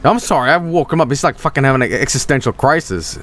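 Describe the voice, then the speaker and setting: A man streaming a video game, chatting casually to viewers in a joking, excitable way and swearing freely. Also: medium pitch, quick pace. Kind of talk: casual gameplay commentary.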